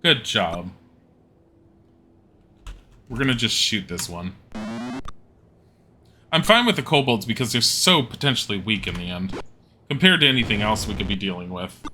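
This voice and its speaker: A man's voice: fairly low pitch, sing-song, moderate pace, pauses often, sharp tone, slight background noise. A man streaming a game live, giving wry, casual commentary that swears now and then and reads menu choices aloud.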